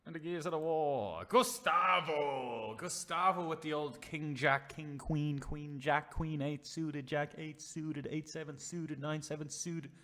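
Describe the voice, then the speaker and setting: A man's voice: a little high, steady tone, measured pace, few pauses. A man commentating on his own online poker hands live, chatty and swearing freely, talking to his chat as lads and boys. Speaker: poker streamer.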